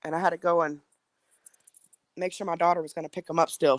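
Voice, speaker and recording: Chatty woman, low dry voice. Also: little pitch movement, fast talker, dry recording. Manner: chatty, rambling, with frequent fillers and restarts. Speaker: livestream host. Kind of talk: casual livestream commentary.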